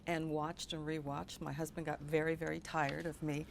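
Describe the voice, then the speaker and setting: A woman's voice: deep voice, little pitch movement, normal speed, vocal fry, slight background noise. A woman interviewer asking a question, searching for words with small restarts. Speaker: interviewer, graduate school dean.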